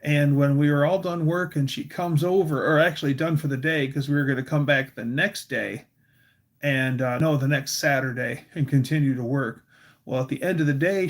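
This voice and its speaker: Male streamer, rambling chatty storyteller, fairly high voice. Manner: rambling, many fillers and restarts. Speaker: livestream host. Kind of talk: casual livestream chat and storytelling.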